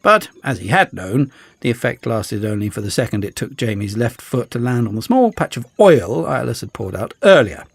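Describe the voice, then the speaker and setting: A man narrating an audiobook in a lively, expressive way. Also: medium pitch, normal speed, vocal fry, breathy edge, faint music behind. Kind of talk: scripted narration.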